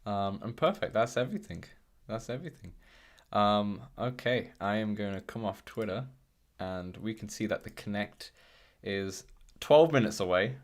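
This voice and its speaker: A man's voice: fairly low pitch, measured pace. A man hosting a casual VR podcast livestream, rambling with frequent ums and restarts. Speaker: podcast host.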